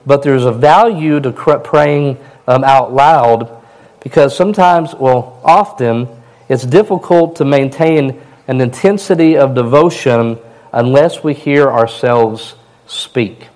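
A man preaching a sermon in a plain, conversational way, his voice a little hoarse. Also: medium pitch, slow pace, a little mellow, rough recording. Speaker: pastor.

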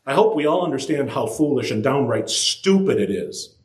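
A man preaching a sermon, lively and animated, acting out quoted voices with his pitch climbing high. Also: normal speed. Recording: echoey room.

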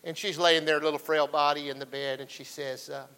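A man delivers a folksy sermon and keeps calling out to his congregation. His voice is bright and sits a little high for a man. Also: little pitch movement, a little fast, few pauses, smooth, low-quality recording. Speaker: pastor.

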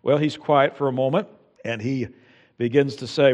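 A man's voice: medium pitch, fairly even intonation, normal speed, darkish tone, dull audio. A man pastor preaching a sermon in a church, telling stories with conversational asides. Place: church sanctuary with long reverb. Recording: reverberant church hall.

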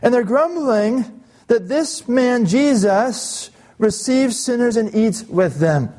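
A male pastor preaching an expository sermon, reading scripture aloud and slowing down to stress key phrases. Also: very high-pitched, animated, darkish tone.

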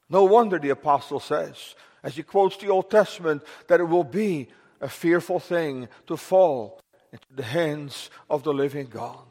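A male pastor delivers a grave, pleading sermon with slow, weighty emphasis and a voice pitched a little high. His words ring out with the long reverb of a church sanctuary. He moves into formal prayer with archaic phrasing. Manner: solemn, urgent preaching with slow emphatic pauses.

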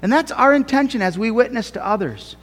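A man preaching a sermon as a pastor, earnest and emphatic, with slow, deliberate phrasing that rises to fervent cries. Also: extremely high pitch, animated. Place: church sanctuary. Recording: long reverb of a church hall.

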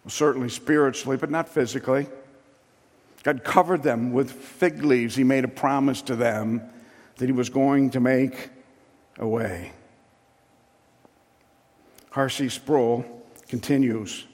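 A man preaching a sermon with passion, building to loud emphatic peaks. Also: medium pitch, a little slow, long pauses, long reverb tail.

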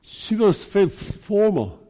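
A man preaching a sermon in a slow, emphatic way, raising his pitch to stress his points. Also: big pitch swings, dark tone. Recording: long hall reverb.

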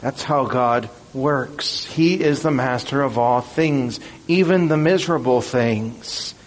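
A man preaching a sermon in an earnest, measured and emphatic way. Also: mid-range voice.

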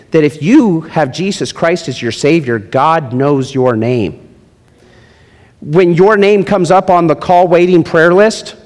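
A middle-aged man preaching a sermon as pastor, swinging between loud, high emphasis and low, quiet drops. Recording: long hall reverb.

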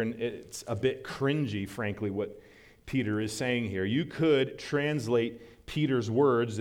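Earnest male preacher delivering a sermon. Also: darkish tone. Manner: earnest, rises in pitch for emphasis and acted quotes. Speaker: pastor.

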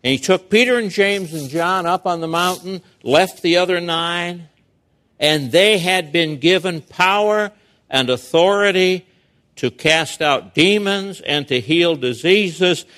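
A man's voice: sits high, a little slow, fairly bright tone. A man preaching a sermon, reading verses and explaining them with emphatic rhetorical questions. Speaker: pastor. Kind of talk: expository sermon.

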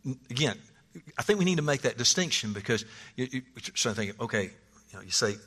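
Forceful male Bible study teacher. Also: medium pitch, expressive, fast talker. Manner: earnest, repeats words, poses questions to the group.

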